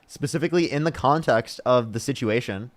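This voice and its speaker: A man's voice: mid-range voice, a little fast. A man hosting a livestream debate show, thanking donors and pressing callers on their views. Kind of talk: casual livestream chat.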